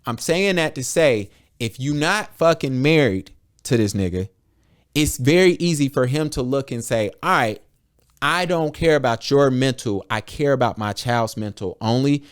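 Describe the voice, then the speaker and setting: A young adult American man hosts a podcast, talking candidly and bluntly with lots of swearing and acting out conversations in quotes. His mid-range voice is animated and clean in tone, at a normal speed.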